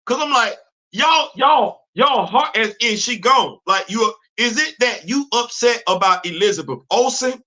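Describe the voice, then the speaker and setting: A man's voice: extremely high pitch, animated, unhurried, sharp tone. A man hosting his own show, ranting in casual, emphatic, slangy commentary. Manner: emphatic, exasperated, loose slangy talk. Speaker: podcast host.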